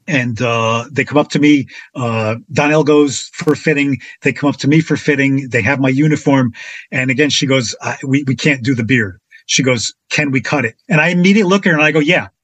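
A man appearing as a podcast guest tells a casual anecdote with animation, acting out other people's lines with big jumps in pitch. He speaks at a moderate pace, with no echo.

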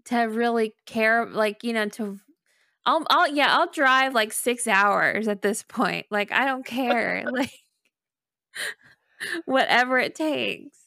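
A woman co-hosting a podcast in casual chat, relaxed and laughing along. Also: a little high, unhurried, creaky, no room sound, studio quality.

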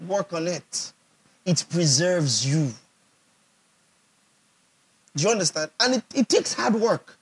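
A man's voice: high-pitched, very animated, takes it slowly, pauses often, breathy edge. A Nigerian pastor preaching a sermon, emphatic and repetitive, often checking whether his audience understands. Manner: emphatic, repeats phrases for effect, asks the audience questions.

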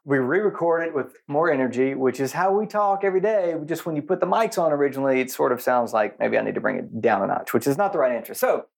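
A man's voice: medium pitch, quick pace, gravelly, hardly any pauses. A man co-hosting a podcast in casual chat, telling self-mocking stories and stressing unusual words. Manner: animated storyteller who stresses unusual words; self-mocking, laughs often. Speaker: podcast co-host.

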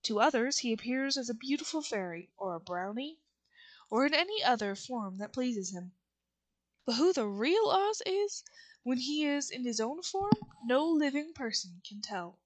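A patient, thoughtful storybook farmer explains the world in measured tones, as a woman reads his lines aloud. The voice sits a little high for a man. It stays close to the reader's own voice. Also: big pitch swings. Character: thoughtful grown man, a friendly farmer host. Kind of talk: audiobook reading.

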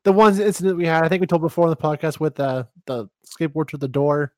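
A man's voice: on the high side, quick pace, dry recording, clean studio sound. A man co-hosting a podcast in casual chat, easygoing and often agreeing with short replies. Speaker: podcast co-host.

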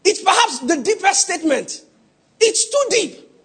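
A man preaching a sermon, teasing the congregation and building to shouted emphasis. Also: extremely high pitch, sing-song, measured pace. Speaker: pastor.

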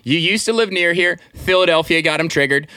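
A man's voice: a little high, brisk, a loud crowd. A young man in casual podcast chat, telling stories full of "like" and "dude" and acting out the voices of the people he quotes. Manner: filler-heavy, says "like" and "dude" a lot.

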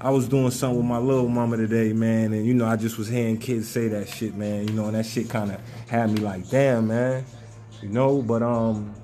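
Laid-back man with a mellow voice. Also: lowish voice, little pitch movement, fairly quick, hardly any pauses, soft background music. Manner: loose, profane street talk with many fillers. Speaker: podcast host. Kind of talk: casual podcast chat.

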